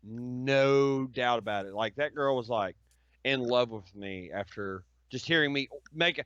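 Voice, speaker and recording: A man's voice: medium pitch, unhurried, fairly bright tone, smooth, no echo, highs cut off. A man from Tennessee with a Southern accent, chatting casually as a stream host and swearing freely as he tells road stories. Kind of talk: casual chat.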